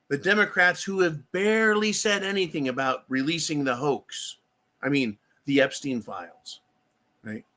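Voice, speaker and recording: A man's voice: on the high side, sharp tone. A man delivering an angry, profane and sarcastic political rant as commentator.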